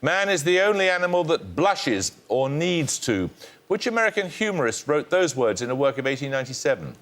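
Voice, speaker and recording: A man hosting a quiz show, reading questions and introductions in a brisk, precise, authoritative manner. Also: a little high, big pitch swings, fairly bright tone.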